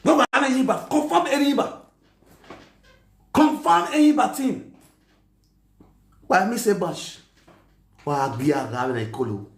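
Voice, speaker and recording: A Nigerian man with an Edo accent hosting an online talk show, ranting with insults, mocking chants and shouts. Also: high-pitched, animated, slow, long pauses, echoey room. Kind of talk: ranting commentary.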